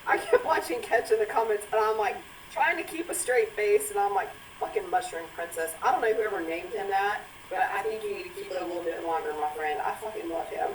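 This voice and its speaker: A woman's voice: medium pitch, brisk, few pauses. A woman hosting a live stream after-show, chatting casually and swearing as she laughs through stories. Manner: profane, laughing, animated storytelling. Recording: echoey room, far from mic, faint noise.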